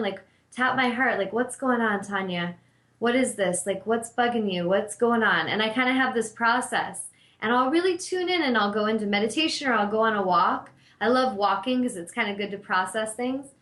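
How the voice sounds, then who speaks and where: A middle-aged woman speaks as host of her own healing talk show, sharing a personal story in an earnest, reflective manner. Her voice sits a little high. The room around her rings with a noticeable echo. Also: fairly bright tone. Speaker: intuitive healer and show host.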